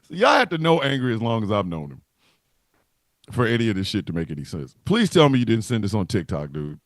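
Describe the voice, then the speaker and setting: A man's voice: fairly low pitch, a little fast, dry recording. A man co-hosting a wrestling talk livestream, joking and cursing in casual banter over a video call. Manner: profane, joking, animated.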